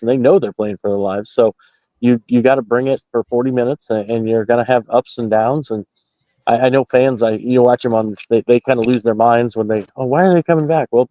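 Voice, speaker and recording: A man's voice: medium pitch, warm tone, dry recording. A man calling in from a basketball arena right after a game, giving loose postgame analysis with lots of fillers and restarts. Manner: rambling, many fillers and restarts. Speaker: basketball reporter. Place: basketball arena, just out of the locker room. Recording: dull lo-fi call audio.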